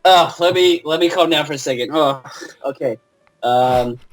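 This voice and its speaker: A man's voice: on the high side, moderate pace, soft background music. A man appearing as a guest on a casual podcast, playful and eager.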